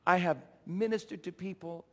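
A male pastor preaching a sermon with impassioned swings from shouting to low, urging the congregation to respond. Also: normal speed. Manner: call-and-response exhortations. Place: church sanctuary. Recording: long church reverb.

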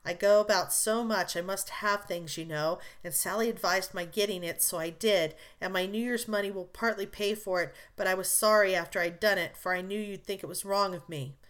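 A woman's voice: medium pitch, fairly quick, hardly any pauses, fairly bright tone, lightly acted. A woman voicing an anxious, remorseful young wife in an audiobook, pleading and emotional. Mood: nervous.

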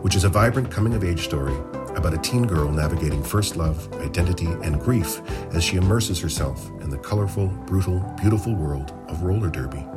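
A man's voice: low-pitched, brisk. A man hosting a podcast, reading a formal scripted introduction. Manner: formal, announcer-like. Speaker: podcast host, festival director. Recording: loud music behind.

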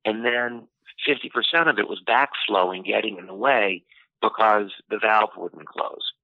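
A man telling a personal story in an interview, unhurried and full of "you know" fillers. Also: fairly low pitch, vocal fry, dry recording. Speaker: interview guest. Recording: tinny phone-line audio, dry.

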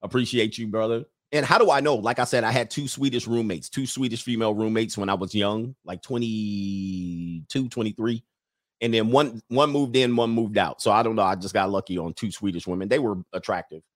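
A man's voice: fairly low pitch, brisk, no echo, studio quality. A man hosting a livestream who goes on a casual, joking rant, laughs often, talks in loose slang and reads out viewer comments. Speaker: livestream host addressed as Coach.

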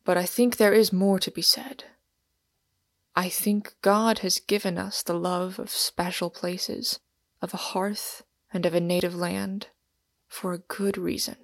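A woman's voice: fairly low pitch, fairly even intonation, a little slow, no room sound, studio quality. A woman reading as a grave, weary pilgrim man. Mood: hushed, earnest. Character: solemn weary male pilgrim, grown man. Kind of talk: audiobook character reading.

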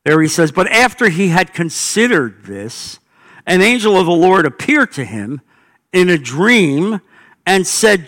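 A man's voice: sits high, very animated, measured pace, fairly bright tone. A middle-aged man preaching a sermon, telling stories in an earnest, emphatic way. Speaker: pastor.

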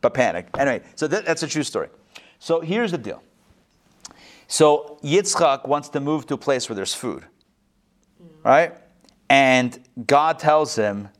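A man, a rabbi, teaching a text study class in a playful, animated way full of rhetorical questions and jokes. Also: medium pitch, a little slow, pauses often. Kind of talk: joking, interactive text study lecture.

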